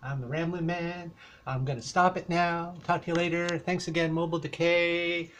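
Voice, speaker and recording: A man's voice: fairly high pitch, little pitch movement, normal speed, a bit bright, a little hiss or hum. Rambling older Canadian man. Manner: rambling, hesitant, many fillers. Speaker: beer reviewer vlogger. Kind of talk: casual rambling beer review.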